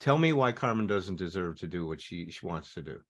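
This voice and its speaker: A man's voice: deep voice, animated, a little fast, lo-fi sound. A man leading a therapy session in a direct, coaxing manner, pressing the speaker to go further. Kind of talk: therapy coaching.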